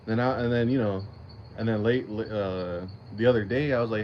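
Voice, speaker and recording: A man's voice: lowish voice, moderate pace, dull audio, slight background noise. A man hosting his own channel, chatting casually and rambling through a story with lots of swearing, restarts and laughter. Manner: rambling, profane, laughs often. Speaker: channel host. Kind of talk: casual livestream chat.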